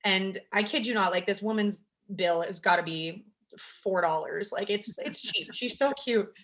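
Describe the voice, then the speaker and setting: A young woman telling a warm story in casual chat, full of "like" and "you know". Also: medium pitch, a little slow. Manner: chatty, fillers like "like" and "you know".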